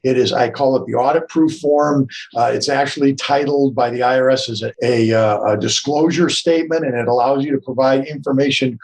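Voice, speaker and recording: A man's voice: mid-range voice, fairly even intonation, brisk, few pauses, a little mellow, low-quality recording. A man as an interview guest, earnest and explaining things step by step. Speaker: tax expert guest.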